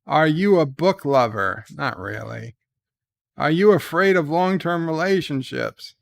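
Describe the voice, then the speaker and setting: A man hosting his show in casual chat, reading quiz questions aloud and answering with dry, deadpan humor. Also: unhurried, gravelly, dry recording. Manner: reads questions brightly, answers low and mumbled. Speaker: show host. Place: at home.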